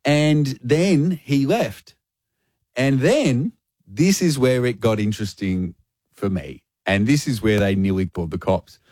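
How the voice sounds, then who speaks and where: A man hosting radio, telling an animated anecdote and acting out both sides of a conversation. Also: mid-range voice, unhurried, no echo, clean studio sound. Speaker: radio host. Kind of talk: storytelling on breakfast radio. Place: radio studio. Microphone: studio microphone.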